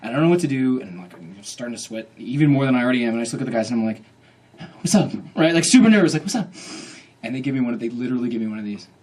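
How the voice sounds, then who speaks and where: A man in his thirties telling a comic story to an audience at a book event, animated and self-mocking, acting out his own inner voice. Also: mid-range voice, rapid-fire, hardly any pauses.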